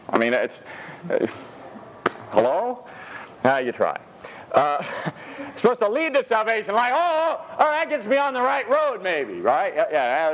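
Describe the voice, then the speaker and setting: A man preaching a sermon in an animated, joking way. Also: highs cut off. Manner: animated, jokey preaching with swings of pitch. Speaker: pastor.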